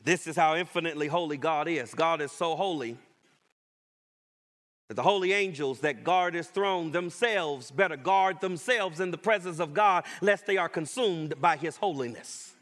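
A man preaching a sermon as pastor, with emphatic, rising declarations and deliberate repetition. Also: on the high side, fairly bright tone.

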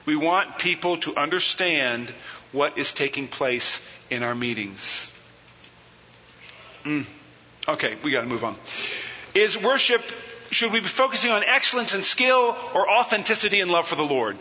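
A man's voice: fairly high pitch, lively intonation, moderate pace, sharp tone. A man teaching a church seminar on worship. He reads quotations aloud, explains them, asks the audience questions and has them repeat phrases, with dry jokes along the way. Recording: muffled hall recording with hiss.

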